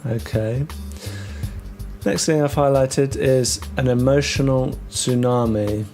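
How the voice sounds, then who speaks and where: A man teaching English vocabulary, talking through words with many ums and restarts and slowing down on the key terms. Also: medium pitch, a little mellow, faint music behind. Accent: British English. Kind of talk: explaining vocabulary to learners.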